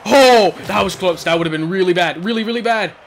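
A young man giving live commentary over his own gameplay, excitable, repeating words in rapid bursts and yelling at tense moments. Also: sits high, vocal fry, slight background noise. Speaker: gaming YouTuber.

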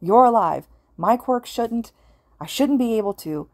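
A woman's voice: on the high side, animated, unhurried, no room sound, studio quality, pitched above the performer's own voice. Woman doing a frantic teen boy ghost. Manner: snappish, frantic. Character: agitated teenage boy ghost, sharp-tongued.

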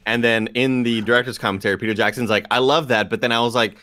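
A man co-hosting a movie review podcast, excitable and swearing freely. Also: mid-range voice, fast talker. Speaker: podcast co-host. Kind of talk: casual movie review chat.

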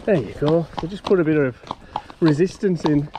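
Horse trainer, coaxing. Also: male voice, fairly high pitch, normal speed. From Cumbria, England. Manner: blunt, encouraging, coaxing the pony. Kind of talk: casual instructions while training a pony. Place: outdoors in a yard and on a lane with a pony. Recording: outdoor noise, hoof clatter.

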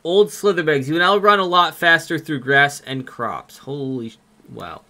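A young man with a Minnesotan accent, commenting on a game live and reading its text aloud in an excitable, jokey way. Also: on the high side, a little slow. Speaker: streamer.

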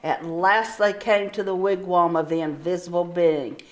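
A woman teacher reading a storybook aloud to children with expressive storytelling. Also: lowish voice. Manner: slow, expressive storytelling with pauses.

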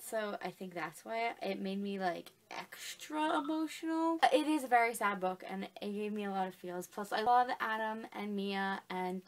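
A woman's voice: mid-range voice, moderate pace, few pauses. A young woman talking casually and emotionally about books as a vlogger, gushing and filling her talk with "like" and "literally". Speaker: book vlogger. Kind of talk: casual chat.

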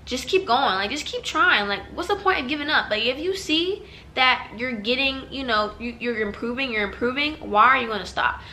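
A woman's voice: sits high, lively intonation, normal speed, sharp tone, a little hiss or hum. A young adult woman giving casual vlog advice to new YouTubers, chatty and loose, full of "like" and "y'all". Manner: chatty, heavy use of "like" and "y'all". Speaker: YouTuber giving channel tips.

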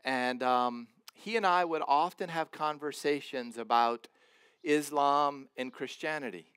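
A man's voice: a little high, a little slow, fairly bright tone, clear, resonant tone, dry recording, studio quality. A man in his forties preaching a sermon as pastor, earnest and emphatic, often repeating words and restarting.

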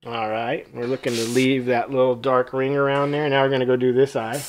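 Casual male host demoing mask painting live, mid-pitched voice, relaxed running commentary as he works. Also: brisk, slight background noise. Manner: easygoing, rambling, self-joking; thinks aloud while working. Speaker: mask artist demonstrating painting.

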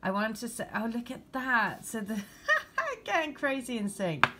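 A woman with an English accent giving a spiritual card reading, moving between steady reading of card meanings and excited, laughing chat about synchronicities. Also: on the high side, measured pace, heavy background noise. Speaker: tarot and oracle card reader.

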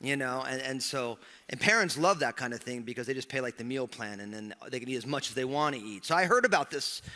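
Animated New pastor in a big hall. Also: male voice, mid-range voice, quick pace. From New Jersey, USA. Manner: animated, joking, lots of fillers. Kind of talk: storytelling sermon. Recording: long hall reverb.

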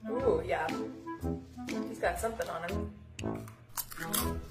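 A woman's voice: lowish voice, takes it slowly, reverberant, over loud music. A woman casually reviewing snacks on camera, chatty and giggly, sometimes talking with her mouth full. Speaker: snack taster.

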